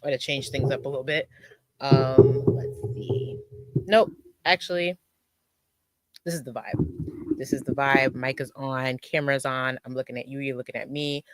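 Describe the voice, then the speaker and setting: A host chatting casually on a live stream, close to the mic, repeating phrases and giving shout-outs. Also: mid-range voice, steady tone, moderate pace, pauses often, faint music behind.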